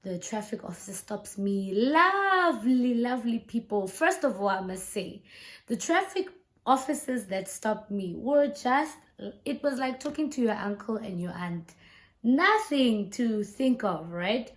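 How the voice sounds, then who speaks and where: Woman, South African accent, lawyer, casual storytelling vlog, conversational, fairly high pitch. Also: animated, a little slow. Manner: chatty, conversational, tags lines with "right?" and "you know". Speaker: lawyer and YouTuber.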